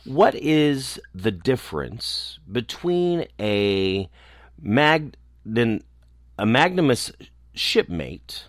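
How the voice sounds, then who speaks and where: A man voicing a quick-witted, forward young male gnome who chatters eagerly in a storybook. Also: fairly low pitch, fairly bright tone, dry recording, clean studio sound, exaggerated voice.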